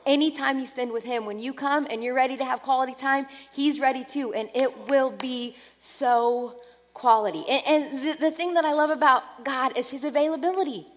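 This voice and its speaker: A woman preaching a sermon earnestly, moving between lively passages and soft, hushed ones. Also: high voice, normal speed, in a large hall.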